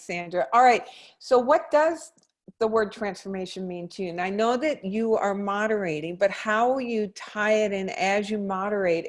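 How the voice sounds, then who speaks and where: Woman interviewer, casual, supportive, asks long questions. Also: mid-range voice.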